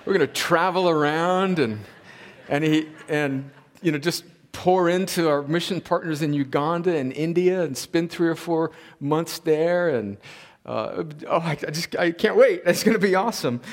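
A fervent preacher in his forties with a fairly high voice, delivering a sermon from the pulpit. He climbs to emphatic, ringing peaks, then eases into a low, chatty aside with his congregation. He is a pastor speaking to his own church. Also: normal speed. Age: 40s. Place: church sanctuary.

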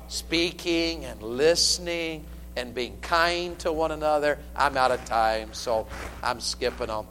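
Animated preaching man in a reverberant hall. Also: fairly high pitch, unhurried. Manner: animated preaching, swings from loud to hushed. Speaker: pastor. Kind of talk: sermon. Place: church sanctuary. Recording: long hall reverb, faint hum.

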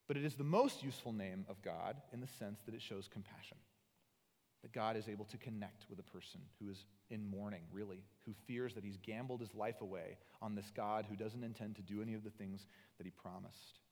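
A man preaching as a pastor, earnest, moving between loud emphatic lines and soft, intimate passages. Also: on the low side, brisk. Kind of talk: sermon. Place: church sanctuary. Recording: long hall reverb.

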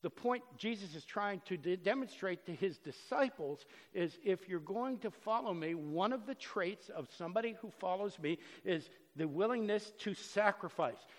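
Pastor, male, high voice, earnest sermon delivery with loud and hushed stretches, church hall reverb. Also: expressive, normal speed, hardly any pauses. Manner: earnest, swings from loud emphasis to soft and low.

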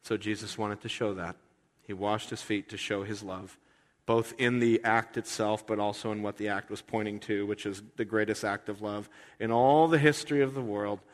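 A man's voice: on the low side, steady tone, moderate pace, big-room sound. A man preaching a sermon in a conversational, earnest way, often restarting his sentences. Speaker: pastor.

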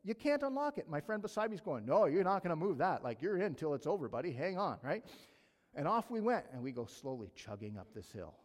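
Animated preacher man in a reverberant hall. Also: fairly high pitch, brisk. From Canada. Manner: animated storytelling, acts out his own panic. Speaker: pastor. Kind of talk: sermon with personal story.

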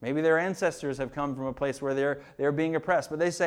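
A man's voice: a little high, fairly even intonation, fairly quick, clear, resonant tone. A male pastor preaching a sermon in an earnest, emphatic way, often repeating words as he builds a point.

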